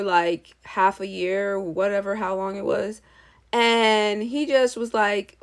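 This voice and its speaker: A woman hosting a casual opinion vlog, talking in an animated, sassy way and mocking characters in put-on voices. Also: a little high, a little slow. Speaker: channel host.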